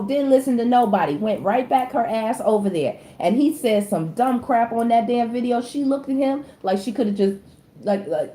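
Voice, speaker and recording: A woman's voice: on the high side, warm tone. A woman tarot reader, giving casual, emphatic celebrity commentary and often checking in with her viewers. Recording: echoey room, faint background noise.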